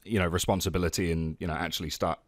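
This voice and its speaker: A man hosting a casual podcast chat, speaking in what he calls a monotone. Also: deep voice, rapid-fire, dry recording. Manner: self-described monotone delivery. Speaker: podcast host.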